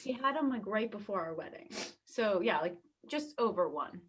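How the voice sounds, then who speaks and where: A woman's voice: medium pitch, animated, husky. A young woman, married into the family, chatting casually and laughing often. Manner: giggly, chatty, quick to laugh. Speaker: daughter-in-law.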